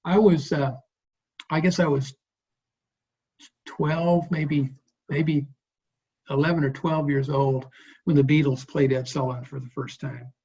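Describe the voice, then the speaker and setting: Husky-voiced man in his sixties. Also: a little high, unhurried, pauses often, muffled recording. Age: 60s. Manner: relaxed, rambling anecdotes. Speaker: guest bass player. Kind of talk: interview storytelling.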